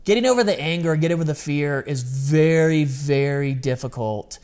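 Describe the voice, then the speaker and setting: A man's voice: on the high side, normal speed, darkish tone. A man speaking as a podcast guest in a candid interview, telling stories in an earnest, open, confessional way and often quoting what he once said. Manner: quotes his own past words in dialogue.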